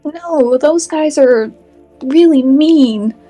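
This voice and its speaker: An earnest young rabbit-folk paladin, played by a woman in a tabletop game, stumbling over his words in a high, slow, dark-toned voice. Soft music plays underneath. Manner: earnest, stammering. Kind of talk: character voice in tabletop play.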